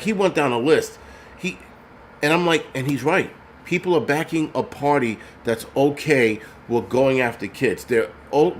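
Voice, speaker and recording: A man's voice: mid-range voice, a little hiss or hum. A man vlogging, delivering an angry, profane, rambling rant to his viewers. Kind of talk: casual rant to camera.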